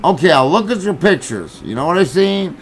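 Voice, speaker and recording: A man's voice: fairly high pitch, animated, brisk, a little hiss or hum, poor audio. A man telling an angry, profane story, acting out both sides of an argument in quoted dialogue. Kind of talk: angry personal rant.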